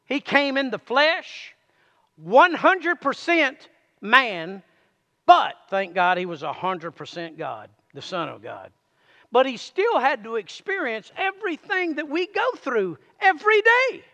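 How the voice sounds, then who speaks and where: Male preacher, sermon, bright tone, long church-hall reverb. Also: very high-pitched, very animated. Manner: calls for amens, reads scripture slowly, jokes with the congregation. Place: church sanctuary.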